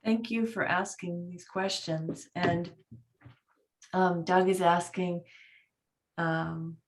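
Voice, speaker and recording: A woman moderating a question session over a video call, polite and unhurried. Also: on the low side, steady tone.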